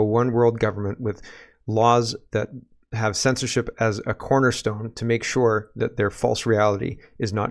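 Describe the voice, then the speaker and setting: Man in his 40s, commentary host, casual monologue, animated, mid pitch. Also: creaky. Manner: animated, exclaiming, chuckling between points.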